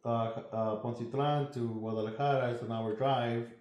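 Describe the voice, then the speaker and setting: A man's voice: medium pitch, steady tone, normal speed, darkish tone. Laid-back man hosting, echoey room. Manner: reactive, laid-back listener. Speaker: podcast host. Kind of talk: casual interview chat.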